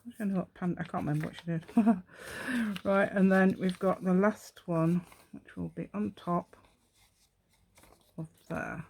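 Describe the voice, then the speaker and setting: A woman hosts a relaxed craft tutorial, talking to herself as she works. Her voice sits a little low, and she speaks at an unhurried pace. She rambles chattily from step to step. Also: slight background noise. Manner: chatty, rambling, talks to herself while working. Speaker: craft channel host. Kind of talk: casual craft tutorial, thinking aloud.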